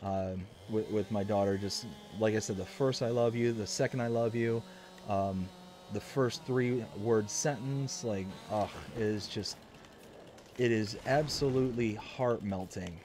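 A young man hosting a live stream, excitedly telling a family story and reading chat, with many fillers and restarts. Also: on the low side, a little slow, slight background noise. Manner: reads chat messages aloud.

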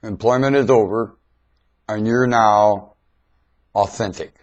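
A man's voice: lowish voice, steady tone, slow pace, a little mellow, lo-fi sound. A man rambling in a loose monologue to his webcam, stammering and repeating himself. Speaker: webcam vlogger. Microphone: webcam mic.

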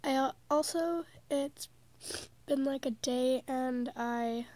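Slow-talking sick teen girl. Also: high-pitched, darkish tone, no echo. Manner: chatty, giggly, amused. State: sick, congested. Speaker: vlogger. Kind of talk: casual unboxing vlog.

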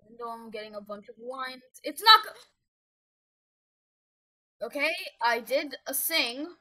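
Woman rambling over a game, kinda high bright voice, gets flustered. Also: moderate pace, rough recording. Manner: rambling, self-mocking, easily flustered. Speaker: gamer. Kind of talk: gameplay commentary.

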